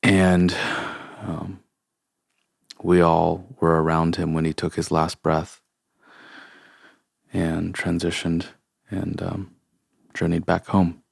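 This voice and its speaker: Young male podcast host, slow searching delivery, dry close sound. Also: low voice, flat delivery, creaky, husky, no room sound. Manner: slow, halting, searching for words with many fillers; sincere, open about grief. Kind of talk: reflective solo podcast talk.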